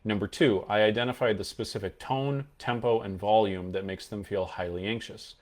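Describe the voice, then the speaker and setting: A man's voice: fairly low pitch, fairly even intonation, moderate pace. A man coaching on mental health, explaining earnestly and showing different tones of voice as he teaches. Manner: earnest, emphatic, demonstrates tones of voice while teaching. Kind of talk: explanatory coaching talk to camera.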